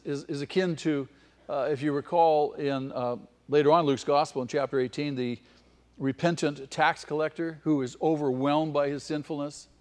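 A man preaching a sermon with passion, his voice swelling to near-shouts at its peaks. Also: fairly high pitch. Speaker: pastor. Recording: long hall reverb.

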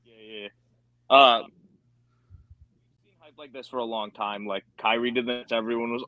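A man joining a sports podcast remotely, giving measured opinions and often repeating himself. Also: medium pitch, steady tone, sharp tone. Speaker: guest on call. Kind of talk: casual sports chat. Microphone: remote call audio, cutting out.

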